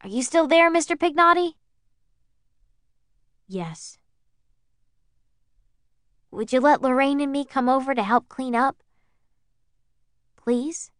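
A woman's voice: high voice, slow pace, long pauses, no echo, clean studio sound, pitched above the performer's own voice. A woman voicing a nervous teenage boy who pleads earnestly on the phone in an audiobook. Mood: pleading. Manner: earnest, pleading, slightly raised voice.

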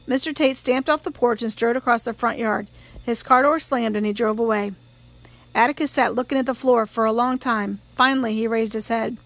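A woman narrating a novel in a measured, steady storytelling voice. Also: fairly high pitch. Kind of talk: audiobook reading of a novel.

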